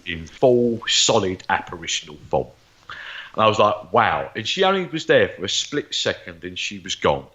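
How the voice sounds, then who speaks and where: A psychic medium tells stories from his life during an interview, his voice on the low side, sing-song, bright and forceful, at a normal speed. The recording has its highs cut off. He rambles, repeats words as he goes, and acts out dialogue he remembers.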